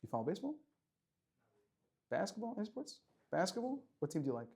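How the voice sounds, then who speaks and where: A man teaching a lively Torah class to students, firing rhetorical questions and dropping to quiet explanation. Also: high voice, fast talker, creaky, breathy edge. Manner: animated, swings between loud questions and quiet explaining, chats with students.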